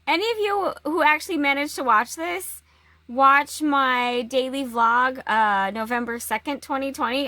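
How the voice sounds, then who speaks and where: A woman talking in a casual personal vlog, halting, with long pauses and restarts. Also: high voice, sharp tone, no echo, clean studio sound. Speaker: vlogger.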